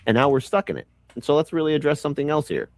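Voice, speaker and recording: Animated man hosting a live stream. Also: on the high side, rapid-fire, no room sound. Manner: rambling, animated, repeats words. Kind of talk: live reaction commentary.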